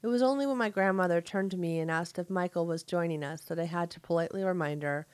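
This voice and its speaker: A woman's voice: on the low side, quick pace, hardly any pauses, no echo. A woman co-hosting a writing podcast, reading personal stories aloud and laughing often between lines. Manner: warm storytelling, laughs often, swears casually. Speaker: podcast co-host.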